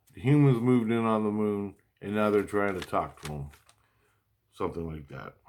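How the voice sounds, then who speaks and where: A man with a fairly low voice talks very slowly and unhurriedly. He rambles through a personal story in a loose, offhand monologue, circling back over the same points. A curse word slips in here and there. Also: a little mellow. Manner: rambling, repeats himself, mild swearing. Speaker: vlogger recounting spiritual experiences.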